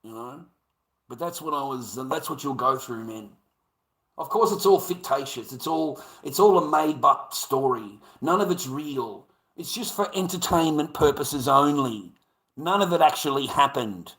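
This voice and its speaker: A man's voice: medium pitch, animated, normal speed, fairly bright tone. A man on a live stream, ranting in a sweary, emphatic, repetitive way and calling listeners mate.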